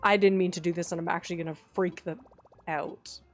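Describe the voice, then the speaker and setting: Over soft background music, a female streamer with a low-leaning voice talks fairly quickly while gaming, addressing both herself and her chat. Her mood is playfully fed up, with joking curses and sudden bursts of excited squealing.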